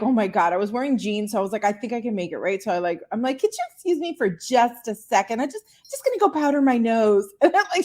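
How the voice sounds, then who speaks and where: A woman in her forties, a podcast guest, telling a funny story in casual chat, animated and laughing as she acts out the people in it. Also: medium pitch. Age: 40s.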